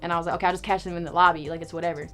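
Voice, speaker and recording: A young woman telling a story in casual chat, animated and profane, acting out what people said. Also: fairly low pitch, very fast, soft background music. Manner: animated, profane, acts out quoted lines. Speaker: storyteller guest.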